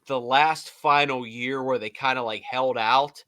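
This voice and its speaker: A man on a casual podcast, animatedly telling stories with laughter and quick impressions. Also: mid-range voice, fairly even intonation, pushed and bright, no room sound. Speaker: podcast co-host, former team staffer.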